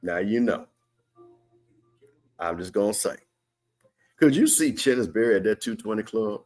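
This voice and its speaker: A man's voice: fairly low pitch, expressive, normal speed, long pauses, a little mellow. A man hosting a live game watch party and commentating casually, reading viewer comments and using loose, slangy talk. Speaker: watch party stream host. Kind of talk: live sports commentary chat.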